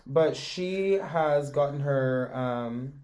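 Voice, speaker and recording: A man's voice: mid-range voice, very slow, a little mellow. Easygoing man chiming in on a podcast. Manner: easygoing, chiming in, laughing along. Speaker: podcast co-host. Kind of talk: casual drama recap chat.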